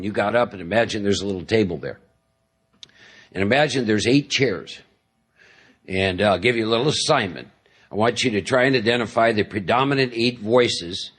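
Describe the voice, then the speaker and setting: A man's voice: on the low side, slightly rough. A man speaking as a guest at a recovery meeting, talking in a conversational, joking storytelling way and often checking in with the audience with "see?". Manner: jokey storytelling, acts out inner voices. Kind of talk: speaker talk to a live audience.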